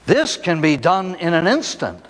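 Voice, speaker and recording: A man's voice: a little high, very animated, unhurried, a bit bright. A man, a priest, giving a recovery talk to an audience, telling folksy stories and asking rhetorical questions. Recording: echoey hall recording.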